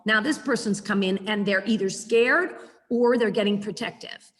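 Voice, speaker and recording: A woman dog trainer teaching a webinar over a video call, chatty and lively, repeating words for emphasis. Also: mid-range voice, moderate pace. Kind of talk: webinar lesson. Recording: echoey video call audio.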